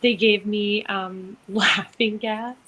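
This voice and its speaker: A young woman co-hosting a podcast, telling a personal story in a casual, animated way, acting out quotes and using lots of fillers. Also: mid-range voice, slow, slight background noise, rough recording. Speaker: podcast co-host, doula.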